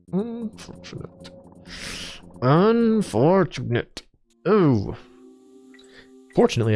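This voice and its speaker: A man casually commenting on a video game as he plays, rambling, joking and self-deprecating. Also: mid-range voice. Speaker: let's play host. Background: faint game music.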